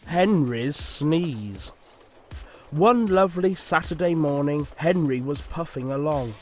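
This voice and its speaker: A man narrating a children's storybook in a slow, expressive, measured way. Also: on the high side, slight background noise. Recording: music playing under the voice.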